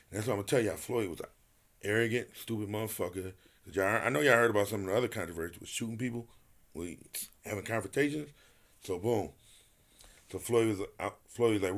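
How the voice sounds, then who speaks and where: Gravelly animated male storyteller. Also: mid-range voice, quick pace. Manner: animated storyteller acting out quotes, profane, laughing. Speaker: podcast guest, retired boxer. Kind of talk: casual storytelling interview.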